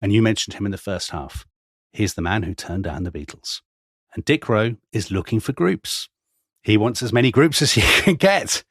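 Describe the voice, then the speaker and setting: A man with a lowish voice narrates history to his co-host in a wry, chatty manner, slipping into little laughs. The sound is close and dry, with no room around it. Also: animated, normal speed, fairly bright tone, no echo. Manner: wry, chatty storyteller who laughs mid-sentence. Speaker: podcast co-host. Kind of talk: conversational history storytelling.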